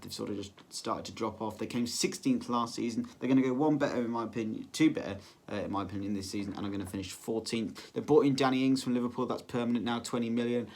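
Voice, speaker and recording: Guy talking football predictions, lots of ums, keeps correcting himself, mid pitch. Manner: rambling, filler-heavy, self-correcting. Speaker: football vlogger. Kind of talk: casual solo prediction vlog.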